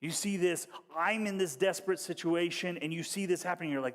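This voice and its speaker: A man preaching a sermon as pastor, talking in a conversational, wry way that moves between hushed storytelling and animated bursts. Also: sits high, brisk, hardly any pauses, long reverb tail. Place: church hall.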